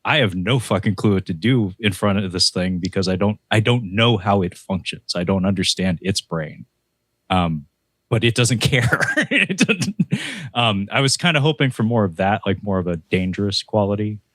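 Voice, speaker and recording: Deep-voiced American man in a dry room. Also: normal speed, no room sound. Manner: rambling, animated, with frequent restarts and laughter. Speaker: film review co-host. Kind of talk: casual film review chat.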